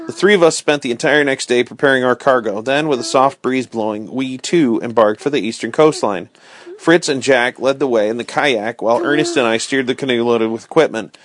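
A man's voice: mid-range voice, fairly quick. Man reading a bedtime story aloud. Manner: steady, plain reading with small slips. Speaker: storyteller host.

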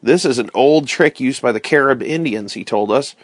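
Male storyteller, first-person read-aloud, steady and clear, dry close recording. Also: mid-range voice, moderate pace, no echo. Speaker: narrator.

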